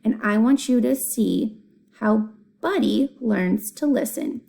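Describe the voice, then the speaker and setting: A woman teacher gently giving a class instructions before story time. Her voice is gravelly and mellow, pitched a bit high. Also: lively intonation, takes it slowly.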